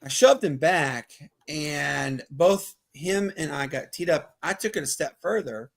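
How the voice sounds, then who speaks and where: A man's voice: a little high, gravelly. Southern man hosting a casual podcast. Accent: Southern US, Alabama. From Mobile, Alabama, US. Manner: animated, laughing, quick asides. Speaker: podcast host. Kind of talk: casual chat, storytelling.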